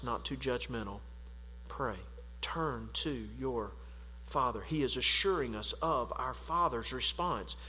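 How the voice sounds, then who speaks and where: A man preaching a sermon as pastor, earnest, rising to emphatic peaks and dropping quiet again. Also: medium pitch, breathy edge, long reverb tail, poor audio.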